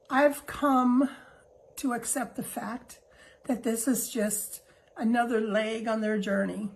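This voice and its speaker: Slow, gentle, emotional woman host. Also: a little high, rough recording. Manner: gentle, unhurried, reassuring. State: emotional, close to tears. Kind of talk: heartfelt reflective monologue.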